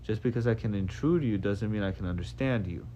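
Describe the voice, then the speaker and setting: A man's voice: on the low side, brisk, warm tone, lo-fi sound, a little hiss or hum, lightly acted. A man reading aloud, voicing an earnest, curious male alien who questions humans.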